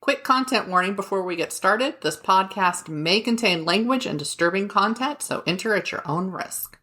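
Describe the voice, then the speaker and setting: A woman co-hosting a podcast in casual chat, reacting quickly and laughing easily. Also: mid-range voice, lively intonation, pushed and bright. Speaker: podcast co-host.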